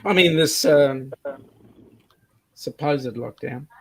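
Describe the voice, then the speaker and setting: Teasing Aussie host, fairly high voice. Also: male voice, takes it slowly, creaky, slightly rough, poor audio. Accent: Australian. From Melbourne, Australia. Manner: chatty, teasing, laughs often. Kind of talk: casual livestream chat.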